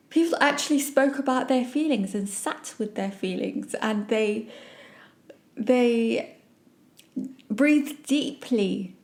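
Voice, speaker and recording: Woman, podcast host, personal storytelling, emphatic, animated, fairly high voice. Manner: emphatic, animated, acts out quoted remarks.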